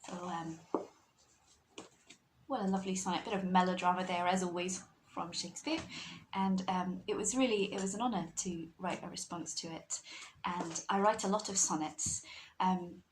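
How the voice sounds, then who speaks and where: A woman's voice: lowish voice, fairly even intonation, moderate pace, a little hiss or hum, low-quality recording. A woman hosting a knitting podcast, chatting casually to camera from a room at home in a rambling, digressive way.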